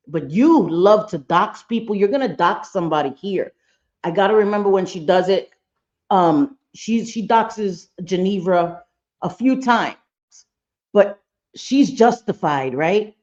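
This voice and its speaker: A woman's voice: medium pitch, lively intonation, measured pace, a little mellow, dull audio. A woman hosting a live reaction stream, talking bluntly and profanely and getting fired up.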